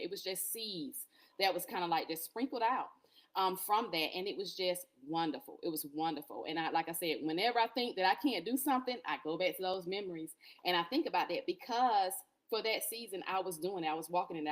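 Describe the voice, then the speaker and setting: A woman giving an encouraging faith talk on a live show, in a somewhat low voice. She speaks earnestly, repeats her phrases for emphasis and slips in small laughs. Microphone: podcast or livestream mic.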